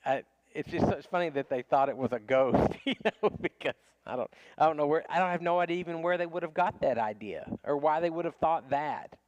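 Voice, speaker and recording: Male Bible teacher, smooth higher voice, dry and a bit muffled, loose chatty delivery. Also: brisk, few pauses, no echo. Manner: conversational, chuckling, restarts often. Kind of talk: casual Bible study teaching.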